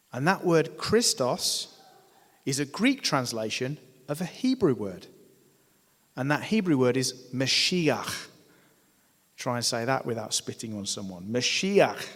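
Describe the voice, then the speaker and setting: A man preaching a sermon, emphatic, swelling to loud declarations and asking his listeners rhetorical questions. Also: medium pitch. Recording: long hall reverb.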